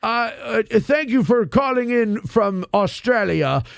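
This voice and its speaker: A man's voice: sits high, animated, measured pace, gravelly, smooth, heavily acted. A man playing a grumpy, self-pitying Santa Claus in an improvised comedy podcast bit, blustering and laughing a lot. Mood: grumbling. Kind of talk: improvised comedy role-play.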